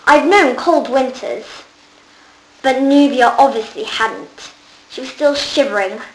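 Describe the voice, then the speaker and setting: A woman reading a children's book aloud, lively and lifting her voice for the characters' lines. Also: high voice, slow, echoey room, rough recording. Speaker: reader.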